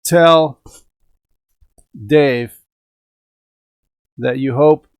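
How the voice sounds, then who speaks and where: A man's voice: on the high side, drawn-out words, clean tone, no echo. Upbeat dry-sounding middle-aged man. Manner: chatty, upbeat, talks to viewers and the chat. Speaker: host of a radio-control hobby live stream. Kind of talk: casual live-stream chat. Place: home indoors.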